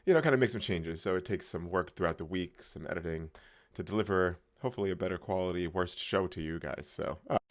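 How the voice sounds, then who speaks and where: A man co-hosting a comedy podcast, laid-back in his chat but ranting with bursts of excitement and swearing. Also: sits low, quick pace. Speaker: podcast co-host.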